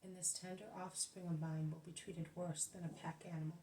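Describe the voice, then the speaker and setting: A woman's voice: lowish voice, little pitch movement, fairly quick, mellow, distant mic, a little hiss or hum, close to an everyday voice. A woman voicing a poor, elderly male peasant, a grandfather who pleads in a tearful way, in a spoken religious audiobook. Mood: pleading. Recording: echoey room, voice off-mic.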